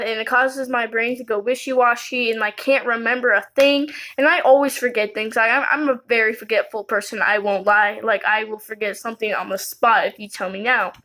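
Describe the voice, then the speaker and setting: A woman's voice: on the high side, fairly bright tone. A teenage girl vlogging in a casual, rambling way, full of fillers and restarts, sounding anxious and unsure of herself. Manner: anxious, self-doubting. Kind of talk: casual to-camera talk.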